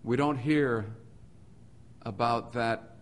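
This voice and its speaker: This is a very slow sermon from a man whose mid-range voice stays earnest and steady. He leans on rhetorical repetition, sinking into hushed, low moments before rising to forceful declarations.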